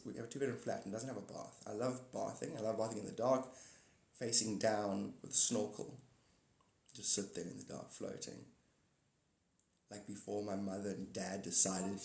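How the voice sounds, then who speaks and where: A man hosting a casual live stream, rambling and joking, swearing now and then and acting out silly voices. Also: mid-range voice. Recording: echoey room with faint noise.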